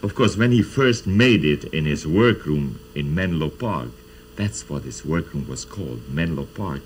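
A man's voice: rumbling low, animated, a little slow, a little hiss or hum. An older man hosts a children's TV show. He tells a story to kids in a playful way and explains each step as he goes. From Czechoslovakia. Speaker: children's TV host. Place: TV studio.

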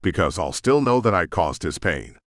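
A man's voice: sits low, very animated, normal speed, a bit bright, dry recording, studio quality, full character voice. A man voicing a bitter, vengeful male rogue shifter who taunts and threatens in a sneering way.

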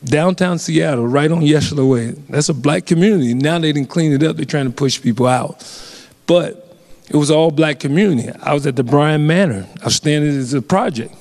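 A man from Mississippi telling a personal story at a community forum, earnest and halting, often repeating phrases. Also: a little high, a little mellow. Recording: reverberant hall.

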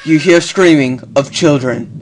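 A man putting on the voice of a male TV survival presenter, narrating in a hushed documentary style over game play. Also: on the high side, unhurried, over music, lightly acted, low-quality recording.

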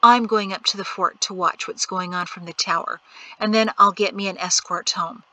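A woman reading the part of a protective mother giving her children brisk instructions. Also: mid-range voice, fairly even intonation, bright, forceful tone, no room sound, lightly acted, poor audio.

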